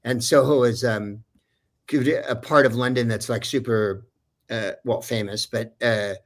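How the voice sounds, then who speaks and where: Male voice actor as a chatty guest, rambling through a story, full of fillers, mid-pitched. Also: fairly even intonation, measured pace. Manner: rambling, digressive, many fillers. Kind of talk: casual anecdote telling.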